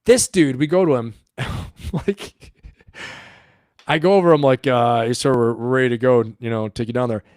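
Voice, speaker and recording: A man's voice: mid-range voice, normal speed, a little mellow, no echo. A middle-aged man hosting a livestream, telling a story in a rambling, profane way and laughing often. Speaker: livestream host and coach.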